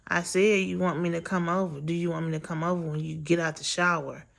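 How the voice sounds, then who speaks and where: A woman quoting a pushy, coaxing adult man in a storytime vlog, speaking a little lower and quicker than her own voice. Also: little pitch movement, vocal fry.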